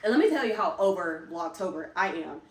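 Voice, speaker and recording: A woman's voice: fairly low pitch, fairly quick, husky, poor audio. A young woman fitness vlogger talking casually and animatedly to her viewers, recorded on a phone in her car and later in a gym locker room. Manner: chatty, animated, speaks to viewers as y'all. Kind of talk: casual chat to camera.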